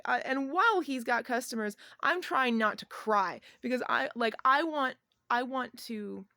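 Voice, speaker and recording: A woman telling a personal story in a casual vlog, rambling and halting, with many fillers and restarts and soft laughs between thoughts. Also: a little high, dry recording, clean studio sound. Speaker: vlogger.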